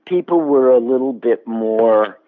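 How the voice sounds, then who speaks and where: Give me an older man telling animated stories in an interview, pitch very lively, sound thin like a phone call. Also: measured pace. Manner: animated storyteller. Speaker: guest actor. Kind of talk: casual interview chat. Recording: tinny phone-like line.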